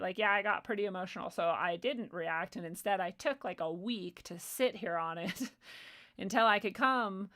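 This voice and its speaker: A woman's voice: mid-range voice, moderate pace, fairly bright tone. Woman in a heated, profane rant. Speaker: stream host. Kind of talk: unscripted ranting monologue.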